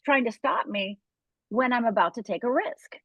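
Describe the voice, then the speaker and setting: Woman, coach, emphatic, plays out inner voices, high-ish voice, dry sound. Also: normal speed, fairly bright tone, no echo. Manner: emphatic, acts out inner voices, tags "right?". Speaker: fear coach guest. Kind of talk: interview conversation. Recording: dull lo-fi call audio.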